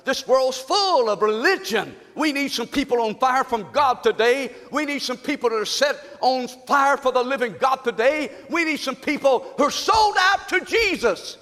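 A man preaches a fiery sermon with a high, bright, forceful voice. He pulls the congregation into call-and-response and swings from shouting to low, intense speech. His words ring through a church hall with long reverb. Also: normal speed, hardly any pauses. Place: church sanctuary.

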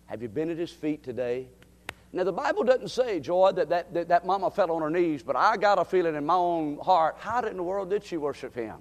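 Male preacher, high voice, dramatic swings from hush to shout, long hall reverb. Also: animated, fairly quick. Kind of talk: sermon.

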